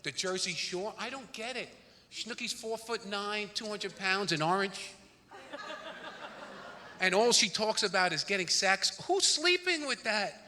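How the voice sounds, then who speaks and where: Brash New stand-up comic, bright voice. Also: male voice, high voice, lively intonation. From New York, the Bronx. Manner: brash, rapid-fire storytelling. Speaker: stand-up comedian. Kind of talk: stand-up comedy routine. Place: theater stage. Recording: live theater reverb, faint room noise.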